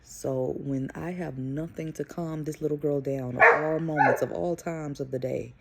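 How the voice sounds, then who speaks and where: A young woman and mother telling a story to camera in a casual, animated, profane way. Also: deep voice, moderate pace, gravelly, heavy background noise. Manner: animated, profane, emphatic retelling. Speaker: vlogger and mother.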